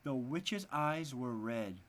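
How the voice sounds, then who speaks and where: Animated, bright-voiced male English teacher. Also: medium pitch, slow. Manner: animated, breaks off to define words. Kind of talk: reading a story aloud and explaining vocabulary.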